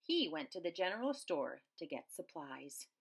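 A woman reading a children's picture book aloud with very expressive swings in pitch and loudness. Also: normal speed, vocal fry, husky. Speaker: storyteller.

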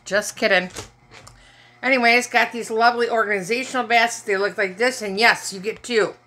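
Chatty middle-aged woman from Michigan, playful asides, bright voice. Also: on the high side, fairly even intonation, moderate pace. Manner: chatty, joking asides to viewers. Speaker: haul vlogger. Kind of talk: casual haul chat to camera.

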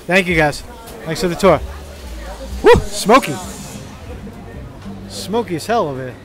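Man, slightly high voice, casual vlogger, teasing banter, outdoors with faint crowd and music. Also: animated, moderate pace. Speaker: street vlogger. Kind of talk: casual walking vlog chat. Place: outdoor street festival.

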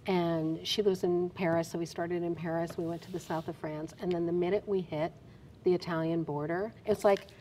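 A middle-aged woman from New Jersey, telling stories as an interview guest in an animated, emphatic way. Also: fairly low pitch, normal speed, a little hiss or hum. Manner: animated storyteller, expressive and emphatic. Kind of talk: casual interview chat.

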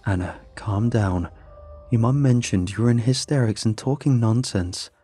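A man voicing a calm, cautious middle-aged father who soothes his upset daughter. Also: lowish voice, moderate pace, breathy edge, soft background music. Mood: soothing.

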